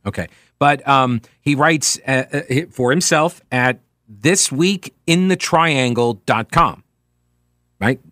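A man's voice: mid-range voice, takes it slowly, bright, forceful tone, no echo. A male talk radio host giving a chatty, sardonic monologue from a radio studio, with lots of fillers. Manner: conversational and sardonic, with frequent fillers.

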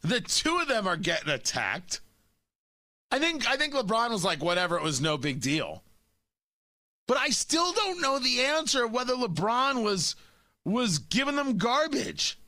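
Bright, lively talk radio host. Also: male voice, extremely high pitch, measured pace, no room sound. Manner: animated, opinionated.

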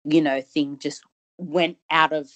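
A woman in relaxed, chatty conversation as a co-host, trailing off with fillers. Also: low voice, slow pace. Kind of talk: casual chat.

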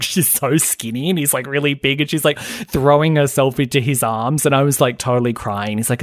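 Male podcast host, gossipy and chatty, medium pitch, dry close mic. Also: fairly even intonation, fairly quick, few pauses, no echo. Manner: chatty, gossipy, dramatic mimicry in falsetto. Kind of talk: casual chat recap.

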